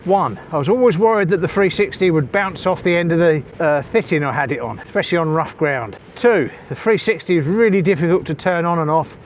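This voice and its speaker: A man's voice: a little high, fairly quick, few pauses, highs cut off. Breathless man vlogging from a bike. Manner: chatty, talks to viewers while cycling. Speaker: cycling vlogger. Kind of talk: casual vlog talk while riding. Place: outdoors on a bike. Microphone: small wireless clip-on mic. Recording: faint outdoor noise.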